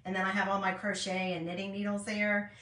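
A woman's voice: mid-range voice, little pitch movement, brisk, a bit bright, distant mic. A woman in her fifties hosting a casual craft tutorial, chatting and rambling to viewers as she works at home. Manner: chatty, rambling, talks to viewers while working. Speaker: craft channel host. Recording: roomy echo, mic set back.

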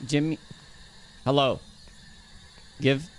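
A man's voice: mid-range voice, fairly even intonation, very slow, slight background noise. A man streaming a ghost-hunting game, chatting casually and calling out to the ghost and his teammate. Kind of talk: casual gameplay chat.

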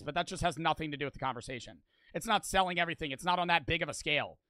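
A man's voice: on the high side, animated, racing, sharp tone, no echo. A teenage boy streamer giving heated, profane reaction commentary, packed with "like" fillers. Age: teens.

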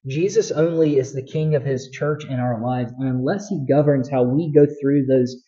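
A man's voice: mid-range voice, fairly even intonation, normal speed, mellow, dull audio. A man preaching a sermon as pastor, talking conversationally with frequent restarts and building emphasis.

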